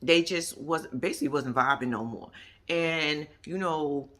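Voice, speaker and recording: A man recapping a TV show to his viewers in lively casual chat, acting out what people said and laughing often. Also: a little high, measured pace. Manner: animated storytelling, acts out quotes in exaggerated voices, laughs often; playful slang, addresses viewers as y'all and baby.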